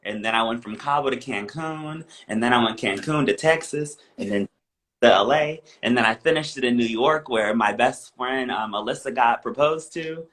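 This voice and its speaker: A man from California joins as a guest over a video call and chats in a playful, animated way. His mid-pitched voice is bright and sharp. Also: normal speed. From California, USA. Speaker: guest, professional dancer. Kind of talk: casual chat.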